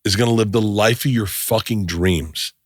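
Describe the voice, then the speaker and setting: A man's voice: on the low side, normal speed, dry recording, clean studio sound. A middle-aged man hosting a podcast, telling a personal story in casual chat, emotional and laughing as he goes. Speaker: podcast host.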